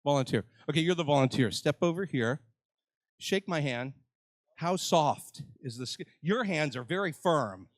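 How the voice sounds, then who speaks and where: A man's voice: fairly high pitch, lively intonation, a little slow, no room sound. An older man hosting a live convention panel, joking with the crowd and mocking himself. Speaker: panel host. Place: convention stage.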